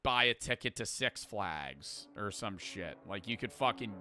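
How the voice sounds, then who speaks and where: A young man streaming, telling stories in a rambling, profane, animated way. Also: fairly low pitch, unhurried, soft background music. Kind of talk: casual reaction stream storytelling.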